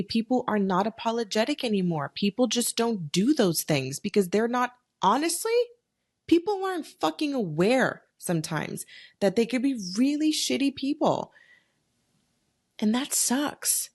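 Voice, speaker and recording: A woman's voice: mid-range voice, animated, moderate pace. A woman hosting a solo podcast, talking bluntly with lots of swearing and emphatic rhetorical questions. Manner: talks herself through feelings aloud. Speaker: podcast host.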